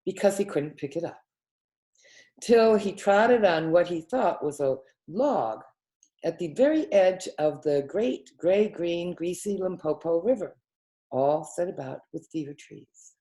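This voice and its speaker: A woman reading a children's story aloud in a gentle, expressive storytelling manner. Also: fairly low pitch, a little slow.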